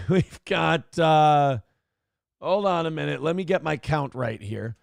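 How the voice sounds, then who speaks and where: A man's voice: fairly high pitch, animated, takes it slowly, gravelly, no echo, clean studio sound. A man hosting a casual livestream morning talk show, rambling, profane and opinionated as he reads out donations and riffs.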